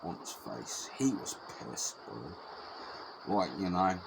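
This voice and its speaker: Kiwi bloke spinning a yarn, lowish voice, lots of swearing, noisy background. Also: male voice, animated, slow pace, gravelly. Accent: New Zealand. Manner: swears freely, repeats himself, acts out voices of others. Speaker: storyteller. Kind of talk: casual spoken storytelling.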